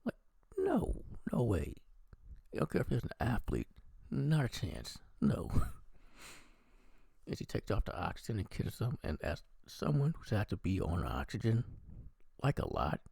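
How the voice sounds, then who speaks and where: A man's voice: lowish voice, wildly swooping pitch, measured pace, gravelly, pauses often, a little mellow, husky, dry recording. A man giving a casual, profane movie review, animatedly acting out the characters' lines.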